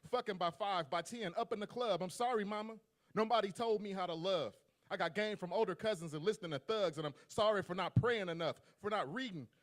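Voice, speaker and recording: Man, spoken-word poet, rhyming cadence, pitch a touch high. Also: fairly quick. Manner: rhythmic, rhyming delivery building in intensity. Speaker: slam poet. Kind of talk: spoken word poetry performance.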